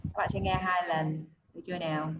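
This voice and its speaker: A woman's voice: on the low side, level tone, fast, background noise. Woman teacher on a call, roomy and a bit muffled. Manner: switches between English and Vietnamese, quizzes students. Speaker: English teacher. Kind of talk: online class teaching. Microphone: video call. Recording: roomy, dull video call audio.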